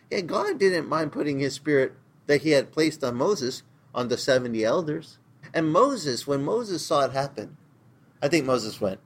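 A man preaching a sermon, telling Bible stories with lively acted-out voices for the characters. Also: slight background noise. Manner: animated storytelling, acting out biblical characters in pitched-up voices. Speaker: pastor.

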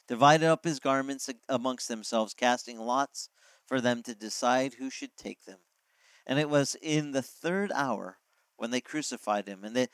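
A man's voice: mid-range voice, smooth, no room sound, poor audio. A man preaching a sermon as pastor, explaining scripture in a conversational way, asking the congregation questions and acting out quoted lines.

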